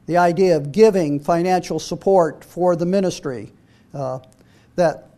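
High-voiced man preaching a sermon. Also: unhurried, warm tone. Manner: repeats words when restarting, reads scripture aloud.

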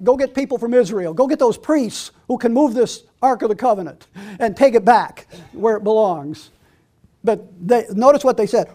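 A man preaching a sermon, reading scripture slowly and earnestly and often restarting or correcting himself mid-sentence. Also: very high voice, darkish tone. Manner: slows right down to read verses aloud.

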